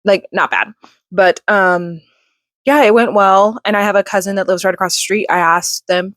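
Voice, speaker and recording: A woman's voice: mid-range voice, steady tone, moderate pace, fairly bright tone, dry recording, studio quality. A young adult woman chatting casually in a rambling vlog about her kids and reading, with many fillers. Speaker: mom vlogger.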